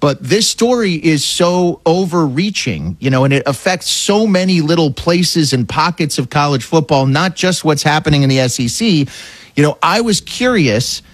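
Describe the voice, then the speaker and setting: A man's voice: fairly high pitch, expressive, normal speed, dry recording. A man hosting a sports radio show, chatty and friendly as he talks with a guest and his co-host. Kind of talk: casual sports radio talk.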